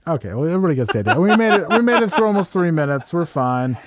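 A man hosting a comedy podcast, reading an erotic letter aloud in a deadpan, mock-solemn way. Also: on the high side, racing, crowd noise. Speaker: podcast host.

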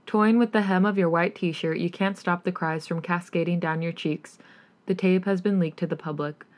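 A woman's voice: on the low side, fairly even intonation, normal speed. A woman hosting a podcast, reading fanfiction aloud expressively and reacting emotionally between chapters. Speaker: podcast host and fanfic reader.

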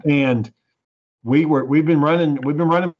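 A man's voice: on the high side, normal speed. A man telling a story in casual chat, swearing often and acting out the voices of the people in it. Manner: profane, animated, acts out quoted voices. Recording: dull lo-fi recording.

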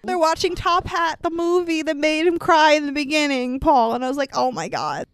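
A woman's voice: high-pitched, normal speed, dry recording. A young woman co-hosting a podcast and recapping a film in casual chat, emotional and gushing, swearing freely. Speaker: podcast co-host.

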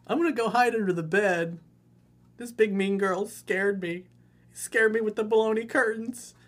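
A man's voice: high voice, fairly even intonation, normal speed, a bit bright, pitched above the performer's own voice. A man voicing a whiny, overemotional grown man crying for his mommy in a babyish whimper. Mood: whining.

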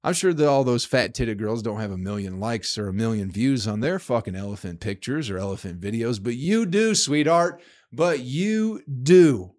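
A man's voice: on the low side, expressive, fairly quick, few pauses. A man hosting his own podcast, riffing alone in a crude, rambling, profane way. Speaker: podcast host. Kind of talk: casual solo podcast monologue.

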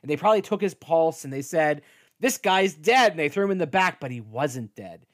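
A man co-hosting a podcast, talking about a movie in an animated, playful way, often laughing and asking questions. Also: fairly high pitch, fast. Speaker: podcast co-host. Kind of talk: casual movie discussion.

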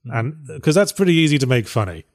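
A man's voice: mid-range voice, very animated, quick pace. A man, hosting a casual chat about reviewing games in a dry, wry, matter-of-fact way. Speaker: podcast host and game reviewer.

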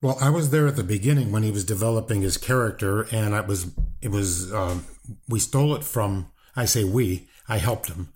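Older male guest, low-ish voice, gruff and profane, defensive rambling delivery. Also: moderate pace, a little mellow. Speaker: wrestling guest, brother of the subject. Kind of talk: casual interview talk.

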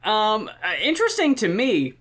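A woman's voice: medium pitch, sing-song, normal speed, a bit bright. Blunt woman co-hosting a podcast. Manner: blunt, swearing, laughing. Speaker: podcast co-host. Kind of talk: casual chat, album review.

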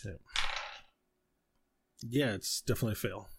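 A man narrating as game master of a tabletop game, telling the scene with animated energy and frequent laughter. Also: lowish voice, normal speed, slightly rough. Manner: animated storytelling, laughs often.

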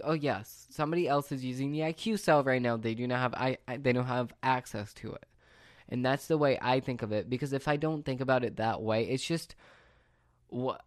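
A man in a casual rant, sarcastic and exasperated, tripping over restarts as he vents. His voice sits at an ordinary middle pitch. It is recorded close and dry, with no room sound. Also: no echo. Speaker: pizza shop phone order taker. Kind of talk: casual ranting monologue.

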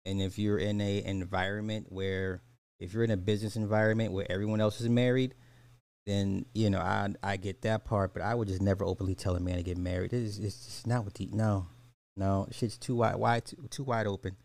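A man's voice: on the low side, flat delivery, brisk, darkish tone, no room sound. A man hosting a podcast of casual social commentary, blunt and slangy, swearing freely as he gives his opinions. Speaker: podcast host.

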